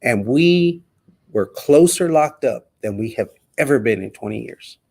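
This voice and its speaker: A middle-aged man casually telling a personal story, animated and quoting others as he goes. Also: medium pitch, unhurried, gravelly. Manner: animated, acts out quotes. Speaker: guest.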